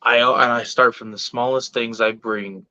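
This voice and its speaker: Relaxed male podcast host, dull slightly lo-fi remote audio. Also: medium pitch, normal speed, dry recording. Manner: relaxed, easygoing talker with many fillers. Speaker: podcast host and reptile educator. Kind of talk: casual interview chat.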